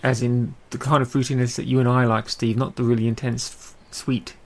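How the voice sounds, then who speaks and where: A man's voice: mid-range voice, flat delivery, fairly quick, creaky. A man with an Australian accent co-hosting a casual podcast, chatty, with lots of ums and frequent laughs. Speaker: podcast co-host. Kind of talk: casual chat.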